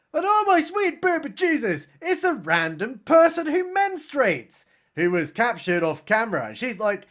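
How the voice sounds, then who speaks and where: A man's voice: extremely high pitch, huge pitch swings, a bit bright. Sarcastic man recapping a film. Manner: sarcastic, mocking, does quick voices for characters. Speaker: film reviewer. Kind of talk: sarcastic comedic movie recap.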